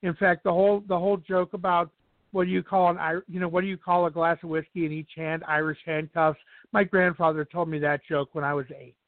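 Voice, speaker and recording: A man's voice: a little high, flat delivery, a little fast, no echo. A man as a podcast guest in casual chat, rambling through anecdotes with many restarts. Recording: dry tinny phone-like sound.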